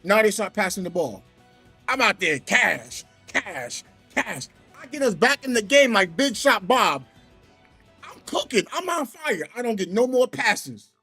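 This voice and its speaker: A man streaming from home, telling a gaming story in an animated, exasperated way. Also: high-pitched, measured pace, husky, faint music behind. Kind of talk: casual livestream rant.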